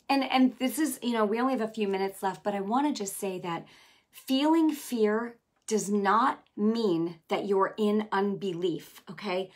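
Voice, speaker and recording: A woman with a husky, slightly breathy voice preaches in a loose, chatty way. She repeats key phrases for emphasis and drops quick asides as she talks. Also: medium pitch. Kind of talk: casual sermon.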